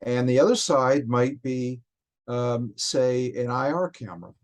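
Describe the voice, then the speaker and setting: A man, a software developer, explains technical details in conversation, often stopping and restarting his phrases. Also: mid-range voice. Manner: halting, frequent restarts while explaining.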